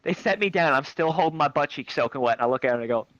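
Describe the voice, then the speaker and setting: Animated male storyteller, crude comic anecdote, bright and lively, dry dull headset mic. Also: on the high side, very fast, dry recording. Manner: crude, animated, shrieks quoted lines. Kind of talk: comic anecdote told to a crowd.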